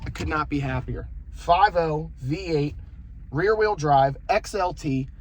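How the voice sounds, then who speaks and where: A man's voice: a little high, measured pace, a little hiss or hum, rough recording. A young man, a used car dealer, chatting bluntly in a casual vlog as he walks around cars at an auction lot. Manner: blunt, swearing, salesman banter.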